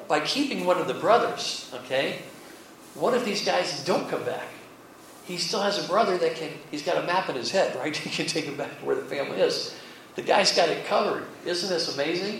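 With a slightly high, somewhat bright voice, a man preaches a relaxed, folksy Bible lesson, laughing softly and checking in with his listeners again and again. He's a pastor, and the audio has heavy hall echo, a distant mic, and faint hiss.

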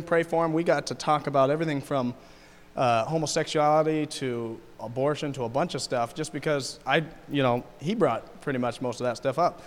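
A man recounting a trip to a group in a casual, rambling way with many restarts and laughs. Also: medium pitch. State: tearful. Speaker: mission trip member. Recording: long hall reverb.

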